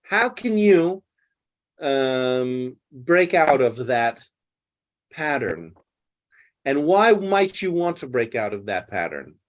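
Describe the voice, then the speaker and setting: A man's voice: medium pitch, sing-song, takes it slowly. Direct male teacher. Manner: direct, observant. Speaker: English teacher. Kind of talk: classroom feedback.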